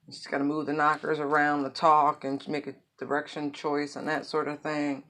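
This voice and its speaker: A woman's voice: low-pitched, completely flat delivery, moderate pace, fairly bright tone. A woman giving a casual tarot reading, rambling with many asides and fillers. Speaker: tarot reader.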